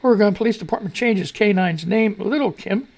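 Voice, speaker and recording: A man's voice: sits high, a little fast, gravelly, a little mellow. A man hosting a casual live news commentary show, ranting loosely and profanely as he reads and reacts to stories. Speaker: talk show host.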